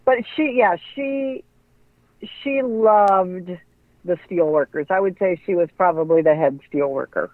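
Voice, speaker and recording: Middle-aged woman, interview guest, animated storyteller, mimics quoted voices, phone-like sound, dry. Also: on the low side, unhurried, no room sound. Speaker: radio personality and author guest. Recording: tinny phone-like line, dry.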